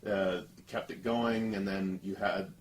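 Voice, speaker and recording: A man discussing a film in a casual chat, measured, listing scenes one by one. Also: low voice, fairly even intonation. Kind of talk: casual movie review chat.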